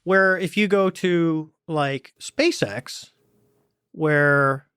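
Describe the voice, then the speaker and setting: Animated storytelling man, dry close mic. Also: on the high side, drawn-out words, clean tone, no room sound. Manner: animated storytelling, acts out quoted dialogue; blunt, swears casually. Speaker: podcast guest, former navy pilot. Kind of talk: casual conversation.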